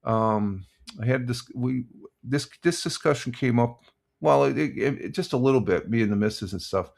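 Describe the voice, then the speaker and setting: A man's voice: medium pitch, moderate pace, gravelly, darkish tone. An older American man hosting a casual live stream, rambling with many restarts and giving blunt opinions while reading viewer comments. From United States.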